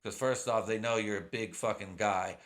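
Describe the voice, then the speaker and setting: A man's voice: on the low side, moderate pace, noisy background. A man hosting his own podcast, rambling casually in a profane, slangy way. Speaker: podcast host. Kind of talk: casual solo podcast rant.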